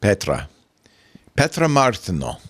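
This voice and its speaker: Brief: playful male podcast host, very animated pitch, dry sound. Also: gravelly, slightly rough, dry recording. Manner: playful, quick to joke. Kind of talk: casual chat.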